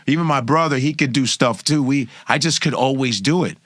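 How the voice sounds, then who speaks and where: A man's voice: medium pitch, fairly quick, fairly bright tone, no echo. A man who does impressions, chatting casually in a loose, profane, rambling way. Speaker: comedian and impressionist. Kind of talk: casual chat.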